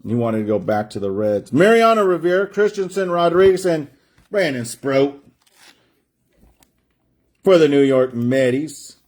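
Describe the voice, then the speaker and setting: A man hosting a live card-break stream, bantering with viewers and rattling off player names between jokes. His voice sits a bit high for a man, and he takes his time, drawing his words out at an easy, unhurried pace. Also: animated, darkish tone. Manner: chatty, jokey, calls out player names. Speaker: sports card break host.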